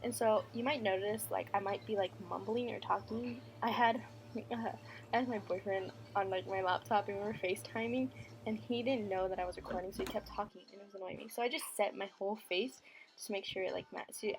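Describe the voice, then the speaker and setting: With slight background noise, a beauty vlogger voices over her makeup routine in a relaxed chat, her speech peppered with "like" and loose asides. She's a young woman with a medium-pitched voice, fairly even intonation, and a slightly fast pace.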